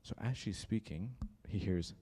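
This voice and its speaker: Low-voiced man telling a church story. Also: normal speed, noisy background. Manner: lively storyteller who acts out the people in the story. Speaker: church speaker. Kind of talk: storytelling talk to a church group.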